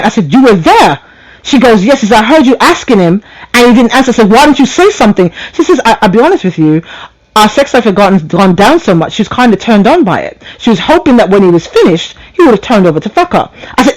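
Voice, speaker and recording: A woman hosts a late-night call-in radio show and tells a personal story. She is candid and profane, and she laughs often. Her pitch rises and falls in a lively way. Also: fast, poor audio.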